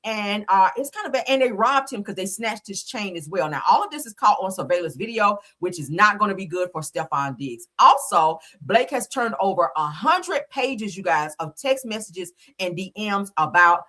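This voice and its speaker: A woman's voice: mid-range voice, expressive, moderate pace, few pauses. Laughing, profane woman gossip host. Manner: loud, laughing, profane, talks straight to viewers. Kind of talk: casual gossip commentary.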